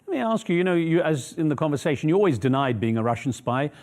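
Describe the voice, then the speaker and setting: A man presenting the news, putting probing, measured questions to a guest. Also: a little high, animated, darkish tone.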